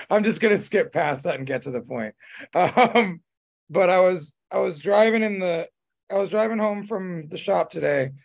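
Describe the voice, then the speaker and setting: A man's voice: high-pitched, animated, moderate pace, creaky. A man hosting a podcast, chatting casually in a rambling way with lots of fillers and restarts. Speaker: podcast host. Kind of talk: casual chat.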